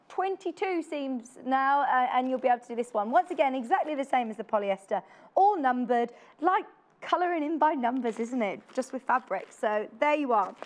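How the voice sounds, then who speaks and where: A high-voiced woman runs a live TV shopping demo in a studio setting. Cheerful and chatty, she regularly turns to the viewer with questions.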